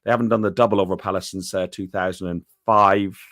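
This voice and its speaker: A man's voice: deep voice, steady tone, fast talker, a bit bright, dry recording, clean studio sound. A man co-hosting a casual football chat, easygoing, often laughing and correcting himself. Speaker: podcast co-host.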